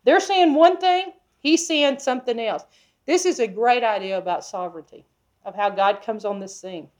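A woman preacher with a high voice delivers an expository Bible sermon. She is emphatic and keeps asking her listeners questions. Her delivery moves between loud, pressing stretches and quiet, hushed asides. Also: normal speed.

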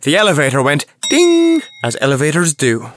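A man's voice: mid-range voice, normal speed, loud music behind the voice. Wry man narrating a comedy. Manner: wry, deadpan narration with puns. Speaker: narrator and lead player. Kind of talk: comic improvised narration.

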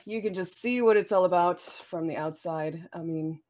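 A woman voicing a polite, reserved changeling who speaks in a courteous, measured, slightly formal way. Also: fairly low pitch, darkish tone, lightly acted. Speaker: player.

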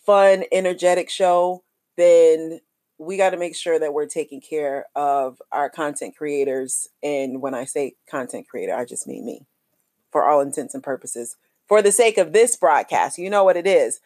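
A woman podcast host, talking in a lively, chatty, affectionate way full of slang as she wraps up her show. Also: deep voice, moderate pace, no echo, clean studio sound. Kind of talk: casual podcast outro.

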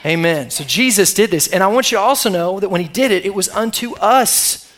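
A man's voice: sits high, animated, fairly quick, a bit bright. A middle-aged man preaching a sermon as pastor, conversational and calling on the congregation to answer back. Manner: conversational, calls on the congregation for responses.

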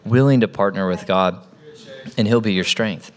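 A man with a fairly low voice tells a story in relaxed conversation. He talks about ministry training and acts out the people in his story as he goes. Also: normal speed. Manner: animated storyteller acting out quoted people. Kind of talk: storytelling in a casual talk.

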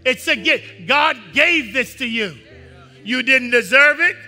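A man preaching a sermon, reading scripture with the congregation and breaking off to explain it, often rising to shouts. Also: very high voice, animated, unhurried, long reverb tail, soft background music. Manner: preaching with call-and-response to the congregation. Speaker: pastor.

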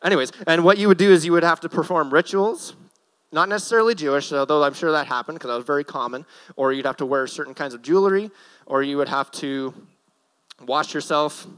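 A man's voice: fairly high pitch, fairly quick, a bit bright, clean tone, rough recording. A young man giving a casual, joking sermon from a church stage, with nervous self-deprecating asides. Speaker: guest preacher.

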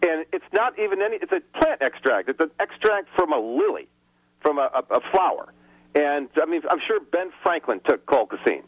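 Male radio caller, fairly high voice, lively and indignant, muffled phone line. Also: normal speed, creaky, husky. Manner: animated, indignant ranting. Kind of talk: phone-in chat. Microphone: telephone.

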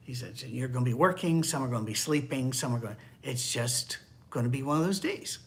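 An older man preaching a conversational sermon, candid and wry, dropping into hushed asides. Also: medium pitch, expressive, a little fast. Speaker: pastor.

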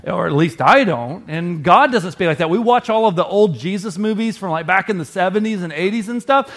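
Conversational preacher, fairly high voice. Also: male voice, expressive, a little fast, few pauses, a bit bright. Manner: earnest, conversational preaching with asides to the congregation. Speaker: pastor. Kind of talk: sermon.

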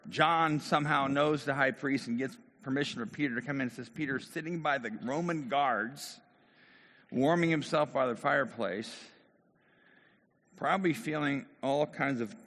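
The pastor's voice is mid-range and slightly bright as he preaches, telling a story and acting out the voices within it. A long hall reverb colors the recording.

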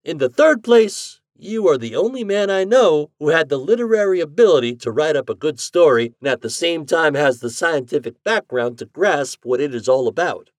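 A man reading an audiobook voices a cheerful, eccentric scientist who lectures with drawn-out emphatic stresses. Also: fairly high pitch, animated, no room sound, clean studio sound, pitched above the performer's own voice, close to an everyday voice. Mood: earnest. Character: eccentric male scientist, cheerful self-declared mad genius.

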